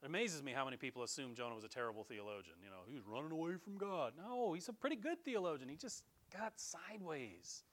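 A middle-aged man gives a sermon in a church, talking to his congregation like he's chatting with them. His voice sits a little high and jumps around a lot, rising when he quotes scripture. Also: fast talker, few pauses. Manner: animated, conversational preaching, quotes scripture in a raised voice. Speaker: pastor. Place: church sanctuary.

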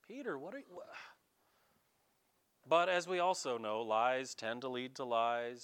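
A man preaching a sermon, animated and acting out the voices he quotes, stumbling over quick restarts. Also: medium pitch, clear, resonant tone. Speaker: pastor.

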